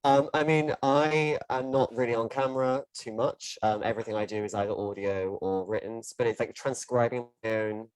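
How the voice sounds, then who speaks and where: A man's voice: mid-range voice, steady tone, normal speed, hardly any pauses, low-quality recording. A man co-hosting a podcast interview, with a nasal voice and a wry, self-critical manner. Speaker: podcast co-host. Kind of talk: casual interview chat.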